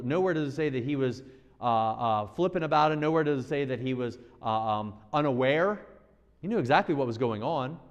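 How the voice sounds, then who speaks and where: A man preaching a sermon as pastor, animated, acting out quoted voices with big swings in pitch and loudness. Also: dull audio. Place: church sanctuary. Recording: long church-hall reverb.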